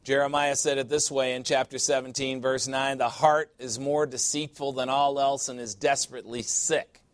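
A man's voice: medium pitch, flat delivery, normal speed, no room sound. A man preaching a sermon in an emphatic, conversational way, with sudden playful asides.

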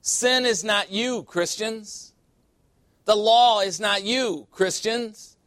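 High-voiced preacher man, dry close sound. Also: slow pace, fairly bright tone, no room sound. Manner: call-and-response preaching, playful asides. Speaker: pastor. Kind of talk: sermon. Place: church sanctuary.

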